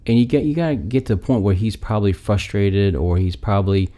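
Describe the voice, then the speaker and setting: A man's voice: on the low side, a little fast, warm tone. A man co-hosting a casual faith discussion, who reflects at length in rambling sentences and murmurs agreement while his partner speaks.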